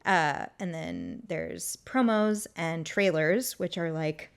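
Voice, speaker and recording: A woman's voice: sits low, very animated, takes it slowly, gravelly, clear, resonant tone. A young adult woman chatting casually as an interview guest, talking freely with many "like" and "um" fillers. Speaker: guest, music agency co-founder.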